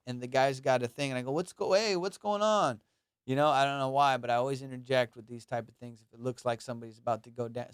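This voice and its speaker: A man hosting a podcast, telling profane, rambling comic stories in a casual, animated way. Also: medium pitch, clear, resonant tone, dry recording, clean studio sound. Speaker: comedian and podcast host. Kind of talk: casual comedic storytelling. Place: Los Angeles.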